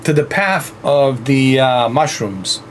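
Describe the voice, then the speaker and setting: A man's voice: medium pitch, slow, a little hiss or hum. A man giving casual, joking commentary while playing a flight game, exclaiming to himself. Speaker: gaming streamer.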